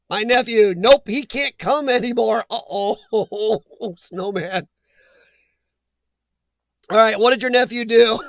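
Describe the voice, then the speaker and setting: A man's voice: high-pitched, a bit bright, no echo. A man hosting a casual live chat, reading viewer names aloud and laughing often. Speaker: livestream host reading chat.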